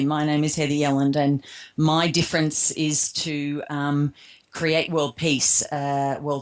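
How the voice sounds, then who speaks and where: An Australian woman with a low voice speaks as an interview guest. She tells stories in a lively, casual way and slips into the voices of the people she quotes.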